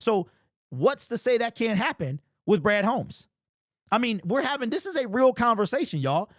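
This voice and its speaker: A man from hosting a casual sports talk stream, answering chat in an animated, conversational way. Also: very high-pitched, moderate pace, no room sound, studio quality. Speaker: podcast host.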